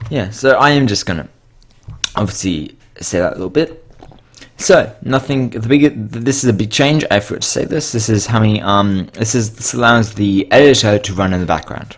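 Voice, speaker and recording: A man with a slightly low voice talks through a coding tutorial in a loose, rambling way. He sounds tired and is losing his voice, and he keeps stumbling, restarting and filling gaps with ums. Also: moderate pace. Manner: rambling, frequent fillers and self-corrections. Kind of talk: casual screen-share coding tutorial.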